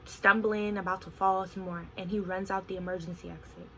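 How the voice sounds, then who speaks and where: Young woman vlogger, bright tone, animated storytime delivery, faint room hum. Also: mid-range voice, a little fast, poor audio. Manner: animated, expressive retelling with frequent "like". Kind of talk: casual storytime vlog.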